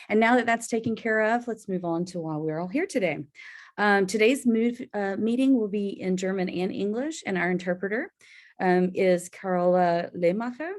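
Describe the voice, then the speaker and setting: A woman's voice: medium pitch, darkish tone. A woman moderates an online book discussion, speaking over a video call. Her voice sits in a middle range and her introductions are loose and easygoing, with plenty of ums along the way. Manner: friendly, with frequent ums. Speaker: webinar host. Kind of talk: moderating a virtual book talk.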